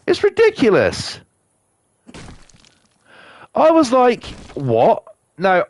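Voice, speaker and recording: Sweary man ranting. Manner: angry, sweary rant with big pitch swings. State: coughing now and then. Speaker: streamer. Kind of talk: ranting to a live chat while gaming.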